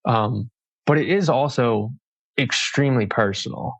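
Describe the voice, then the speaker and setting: A man's voice: mid-range voice, a little slow, creaky, no echo. A young man, a guest author in a podcast interview, speaking hesitantly with many restarts. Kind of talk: casual interview chat.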